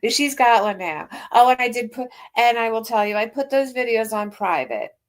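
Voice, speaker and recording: A woman's voice: on the high side, moderate pace. Chatty, teasing woman livestream host. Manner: chatty, teasing, laughs often. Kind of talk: casual livestream chat.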